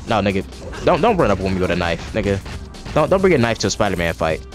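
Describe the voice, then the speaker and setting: A man's voice: on the low side, big pitch swings, fast talker, music in the background. A man giving casual, profane gameplay commentary, trash-talking enemies and rambling in asides with frequent restarts. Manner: profane, reactive trash talk at the game. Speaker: gaming channel host.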